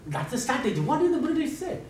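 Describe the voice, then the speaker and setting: A man's voice: very high-pitched, very animated, fast, a little mellow, a little hiss or hum. A man giving an interactive university lecture, playfully firing questions at students. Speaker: guest lecturer, professor. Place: university classroom. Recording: echoey classroom from a distant mic.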